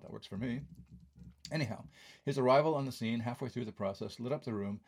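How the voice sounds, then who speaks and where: Older man, gravelly, husky, reading a review aloud, wry conversational asides. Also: mid-range voice, fast, a little mellow. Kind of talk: read-aloud film review essay.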